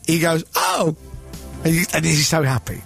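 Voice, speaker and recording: Brief: male radio host in his 40s, fairly high voice, lively self-mocking storyteller, faint music under him. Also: quick pace, vocal fry. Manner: self-deprecating, animated storytelling with acted-out quotes. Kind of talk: casual on-air chat.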